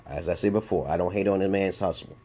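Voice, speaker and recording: Talking fast in a low, mellow voice, a fortysomething YouTube commentator from Brooklyn, New York, delivers a blunt, rambling response-video rant. His New York accent comes through amid heavy profanity and repeated "okay?".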